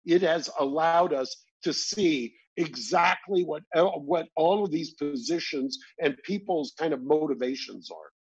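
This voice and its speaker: Co-host guy, kinda husky, slightly high voice, arguing his point, dull dry audio. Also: unhurried, hardly any pauses, no echo. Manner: earnest, argumentative, asks pointed questions. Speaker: podcast co-host. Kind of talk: casual chat.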